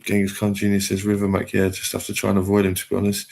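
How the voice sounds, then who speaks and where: A man hosting a live stream, his voice sitting low with a gravelly, creaky edge. He chats loosely, reads out comments from viewers and tosses off easygoing shout-outs. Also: fast. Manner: relaxed, chatty shout-outs to viewers with chuckles. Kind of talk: casual live-stream chat, reading out comments.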